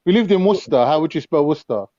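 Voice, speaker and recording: A man's voice: fairly high pitch, animated, rapid-fire, mellow, no room sound, muffled recording. A man chatting and joking on an online panel. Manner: jokey, laughing. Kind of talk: casual chat.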